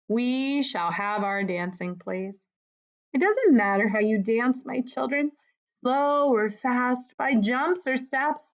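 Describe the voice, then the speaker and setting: A woman voicing a brave, earnest young female mouse in a storybook, solemn and earnest, on a dull lo-fi recording. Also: a little high.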